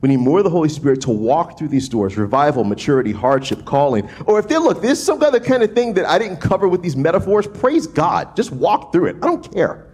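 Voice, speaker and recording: A man from New Orleans delivers a sermon in a loose, conversational way, trailing off, restarting and checking in with "right?". His pitch swings widely as he talks. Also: fairly quick, breathy edge. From New Orleans, USA. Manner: animated, casual preaching with frequent restarts and "right?" asides. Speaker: pastor.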